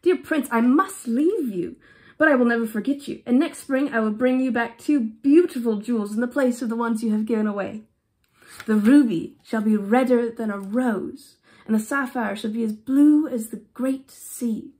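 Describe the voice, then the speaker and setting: A woman voicing a gentle, longing little swallow. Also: on the high side, normal speed, natural voice. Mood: wistful. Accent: affected English-style accent. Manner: sweet, pleading, expressive storybook delivery. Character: small male swallow, gentle and longing to leave. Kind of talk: storybook reading aloud.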